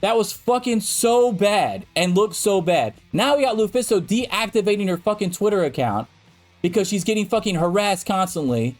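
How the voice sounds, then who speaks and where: High-pitched male podcast co-host, heated, cursing ranter, emphatic delivery. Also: expressive, moderate pace, soft background music. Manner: ranting, profane, emphatic. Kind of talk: heated debate.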